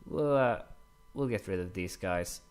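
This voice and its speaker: A young man commenting casually while playing a strategy game, rambling with many fillers and quick apologetic asides. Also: low voice, animated, clear, resonant tone. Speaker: gaming commentator. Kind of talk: casual let's-play commentary.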